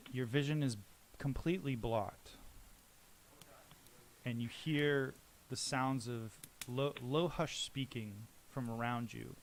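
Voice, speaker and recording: Male game master, mid-pitched, halting descriptive narration. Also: slight background noise.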